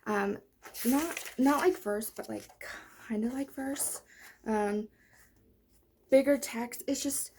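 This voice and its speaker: A woman's voice: fairly high pitch, slow, long pauses, a little mellow, a little hiss or hum. A young woman chatting casually about books she loves, rambling with lots of fillers and restarts. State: out of breath. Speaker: book vlogger. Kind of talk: casual book review chat.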